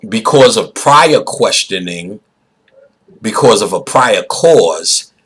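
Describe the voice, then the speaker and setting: Husky, emphatic man. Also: on the low side, rough recording. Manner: emphatic, preachy, swings into loud outbursts. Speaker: podcast host. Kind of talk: casual profane monologue.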